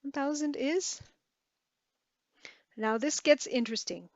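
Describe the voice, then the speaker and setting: A woman's voice: sits high, takes it slowly, no echo, highs cut off. A woman teaching a language lesson, patiently repeating words and correcting herself as she writes. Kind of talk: slow lesson, writing while explaining.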